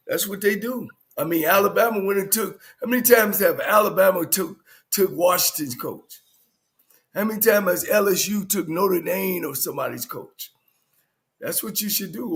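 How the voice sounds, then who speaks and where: Coach co-host, male, high pitch, folksy rambler. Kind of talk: casual sports talk.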